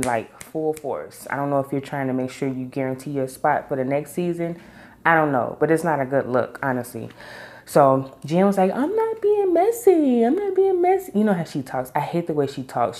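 A woman's voice: low voice, dark tone. A middle-aged woman reviewing a reality TV episode in casual, opinionated chat, laughing often.

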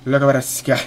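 Young guy yelling curses while gaming, voice bouncing all over, kinda high, noisy audio. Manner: loud, profane, jokey trash talk. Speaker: gamer. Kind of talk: casual gameplay banter. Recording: noisy recording.

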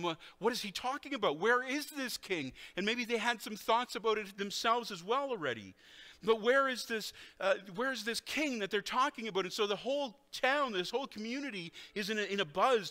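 A man's voice: sits high, pushed and bright, long reverb tail. A male pastor preaching a sermon in a conversational way, often restarting his sentences and acting out what people in the story said. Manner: conversational preaching with frequent restarts and acted quotes.

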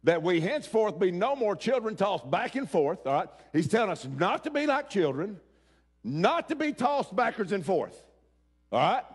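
A man preaching a sermon, talking folksy and direct with the congregation and rising to shouts. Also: high-pitched, sing-song, moderate pace, breathy edge. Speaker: pastor.

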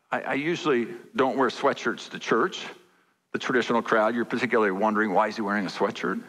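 A man's voice: mid-range voice, fairly bright tone. A man preaching a sermon as pastor, conversational and repeating phrases for emphasis. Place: large church sanctuary. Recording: church hall reverb.

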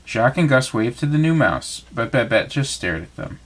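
Dad, man, bedtime story reading, expressive, lively pitch, medium voice. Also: moderate pace. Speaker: father reading bedtime stories.

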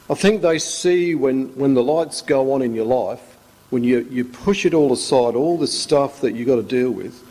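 Husky pastor in an echoing hall. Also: male voice, mid-range voice, a little mellow. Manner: rambling, joking anecdotes. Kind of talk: informal sermon talk. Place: church hall. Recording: echoey church hall.

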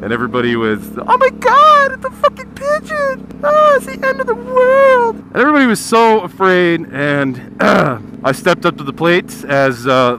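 A man rants and jokes at city traffic from a motorcycle, his pitch swinging all over. He swears freely and jumps between bits. A helmet headset mic picks him up over steady wind and road noise. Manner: profane, jokey ranting at traffic. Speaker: motovlogger. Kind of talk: casual riding commentary. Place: riding a motorcycle on city streets.

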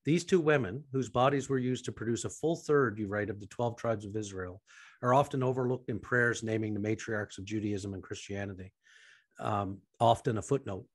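A man from Canada hosting a podcast interview, asking long, halting questions that trail off quietly. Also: fairly low pitch, dry recording, clean studio sound. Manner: halting, many fillers and restarts, trails off quietly. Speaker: podcast host.

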